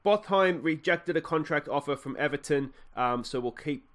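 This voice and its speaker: A young Australian man with a slightly raised pitch chats his way through a video game. He thinks aloud in loose, casual commentary, often stopping for fillers as he weighs his next move. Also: normal speed, a bit bright. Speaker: Let's Play host.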